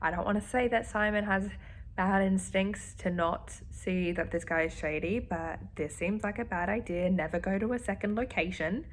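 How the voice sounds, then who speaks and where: A woman's voice: lowish voice, slight background noise. A woman, chatting expressively and with sarcastic asides while reacting to a book on her reading vlog. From Australia. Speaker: book vlogger.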